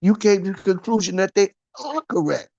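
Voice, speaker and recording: Speaking briskly and animatedly in a high, creaky, slightly mellow voice, this preacher delivers an informal sermon on lo-fi audio. He keeps it conversational, poses rhetorical questions, and often checks in with listeners by asking "huh?"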